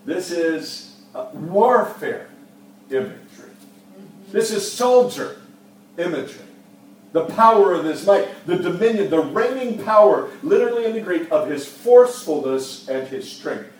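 A man preaching a sermon with fervor, rising from quiet talk to shouts and calling on the church to answer him. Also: high voice, animated, measured pace. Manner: impassioned, swings from quiet talk to shouting, calls out to the congregation. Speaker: pastor. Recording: echoey church sound from a distant mic, faint hiss.

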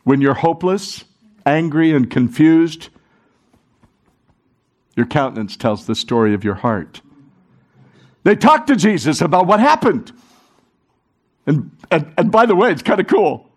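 A man preaching a sermon to a congregation, animated, talking with the room and acting out the quoted voices. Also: a little high, measured pace, pauses often. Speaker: pastor.

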